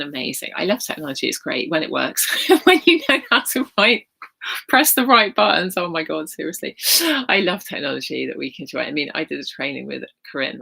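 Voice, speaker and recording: A British woman with a softened London accent, a spiritual coach guiding a meditation and chatting warmly with a live online group over a video call. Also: lowish voice, gravelly, husky. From England. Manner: soft, chatty, gushing. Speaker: spiritual coach and healer leading a live session. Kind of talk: guided meditation and live chat.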